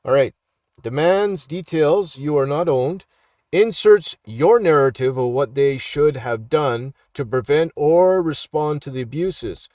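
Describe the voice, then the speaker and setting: A man's voice: on the high side, animated, measured pace, darkish tone, dry recording. Preachy man, dry close sound. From Canada. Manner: preachy, repeats "all right?" for emphasis. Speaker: street minister and YouTube commentator. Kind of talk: casual live commentary reading online posts.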